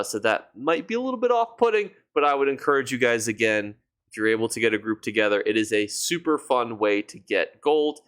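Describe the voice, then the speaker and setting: A man's voice: mid-range voice, fairly bright tone, clear, resonant tone. A man giving a game guide as a YouTuber, chatty and enthusiastic, speaking straight to his viewers. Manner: chatty and enthusiastic, addresses viewers as "you guys". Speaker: gaming YouTuber.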